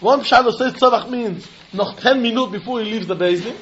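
A man giving an animated Talmud lecture in a sing-song way, asking rhetorical questions and laughing often. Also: extremely high pitch, fairly quick, slight background noise. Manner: sing-song, mixing English, Yiddish and Hebrew. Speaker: Talmud teacher. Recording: dull lo-fi recording.

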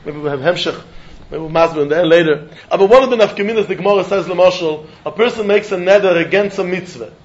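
A man teaching a Talmud lesson, mixing English with Yiddish and Hebrew terms in an animated, sing-song line of reasoning. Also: high-pitched. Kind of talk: Talmud study lecture. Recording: dull lo-fi recording.

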